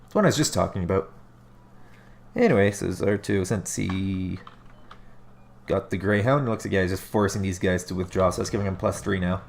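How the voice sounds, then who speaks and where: A deep, gravelly male voice with a stuffed-up, nasal sound from allergies. He does relaxed play-by-play at a desk mic, thinking out loud and fixing his words as he goes. A faint hiss of noise sits under him. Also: a little fast, long pauses. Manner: casual, musing, corrects himself mid-sentence. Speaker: game caster. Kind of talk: live play-by-play commentary on a strategy game replay.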